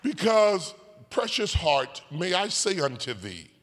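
A man preaching a sermon as a bishop, swinging from soft asides to shouted, sing-song whooping lines and calling out to the congregation. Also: sits high, sing-song, slow, a little hiss or hum. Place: church sanctuary. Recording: long church hall reverb.

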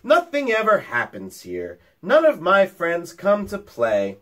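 A man voicing a bored young shepherd boy in a storybook reading, whining slowly and yelling in alarm. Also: high voice, wildly swooping pitch, exaggerated voice. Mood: bored whine. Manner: drawn-out whining, shouted alarms.

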